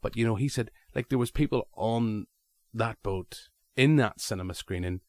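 A lowish male voice, close and dry with no room sound. He hosts a casual podcast chat, animated and full of restarts and asides. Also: normal speed, dry recording. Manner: animated, chatty, lots of restarts. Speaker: podcast host.

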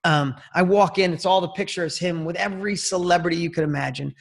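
A man in his fifties, a podcast guest, telling a personal story in an energetic, slangy way and talking straight to the host. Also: high-pitched, fairly quick, vocal fry. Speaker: interview guest. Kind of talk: casual storytelling.

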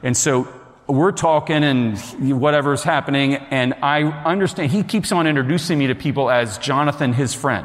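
A man's voice: medium pitch, moderate pace. A man telling a personal story to an audience in a chatty way, talking straight to the listeners and acting out what people said. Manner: chatty, addresses the listeners directly, acts out quotes. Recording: long hall reverb.

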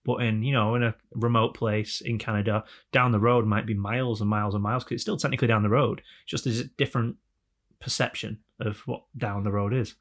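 Gravelly sweary podcast host. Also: male voice, fairly low pitch, fairly even intonation, brisk. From England. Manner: storytelling, sweary, laughing often. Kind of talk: casual chat.

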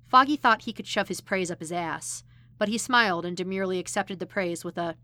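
A woman narrating a fan fiction story in an expressive, lively reading. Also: on the low side, a little fast. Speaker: podfic reader.

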